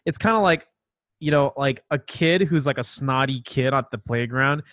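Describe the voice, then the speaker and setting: A man's voice: medium pitch, normal speed, fairly bright tone, no echo, clean studio sound. A man in casual chat, chiming in with sympathetic questions. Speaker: conversation partner.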